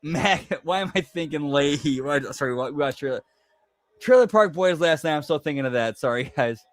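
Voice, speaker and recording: High-voiced rambling male stream host. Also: lively intonation, normal speed, dry recording. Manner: rambling, swearing, self-correcting. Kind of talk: casual chat.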